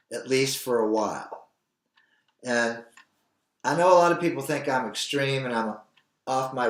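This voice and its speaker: An older man hosting his own show, talking in a rambling, earnest, opinionated monologue. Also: medium pitch. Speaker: show host. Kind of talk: opinionated solo commentary. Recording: echoey room.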